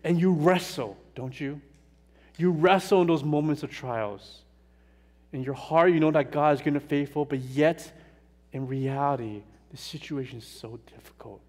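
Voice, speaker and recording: A man with a fairly high voice preaches with slow, earnest emphasis, his voice going quiet on the hardest words. He stands in a church, and a long hall reverb trails behind each phrase. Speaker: pastor. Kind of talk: sermon. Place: church sanctuary.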